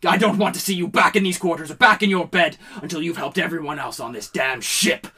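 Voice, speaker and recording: A man voicing a gruff, proud, hot-tempered male ship captain who barks orders at a boy. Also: mid-range voice, lively intonation, slow, full character voice. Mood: furious. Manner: barking, shouting at a boy.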